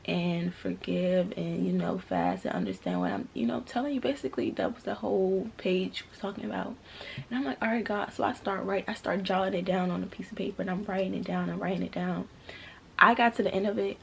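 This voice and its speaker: Gravelly-voiced young woman telling a story. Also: medium pitch, fairly quick, slight background noise. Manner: animated, talks straight to viewers, faith-filled testimony. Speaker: vlogger. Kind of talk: casual storytelling to viewers.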